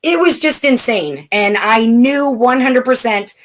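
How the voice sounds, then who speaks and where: A woman's voice: fairly high pitch, unhurried. Chatty woman telling personal stories. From California, USA. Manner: chatty, with many fillers and restarts. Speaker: guest. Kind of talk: casual storytelling chat.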